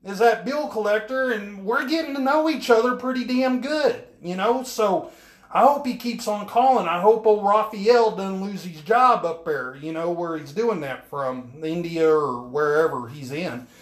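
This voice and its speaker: Rambling high-voiced man, echoey bathroom. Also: normal speed. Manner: folksy, rambling, keeps asking "all right?". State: soaked and frustrated. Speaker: home-repair vlogger. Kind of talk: rambling comedic vlog. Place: small bathroom.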